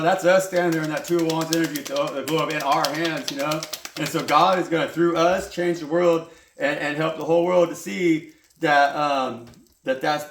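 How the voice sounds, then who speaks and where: A man's voice: fairly high pitch, creaky, fairly bright tone, slight background noise. A man giving a casual, rambling tarot reading, heated and full of swearing. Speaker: tarot reader. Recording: roomy echo.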